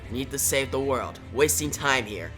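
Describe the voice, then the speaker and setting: A reviewer puts on a cold masked vigilante man from a comic. He speaks low and hushed in short, clipped lines. The tone keeps a bright edge. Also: expressive, normal speed, faint music behind, natural voice. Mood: grim.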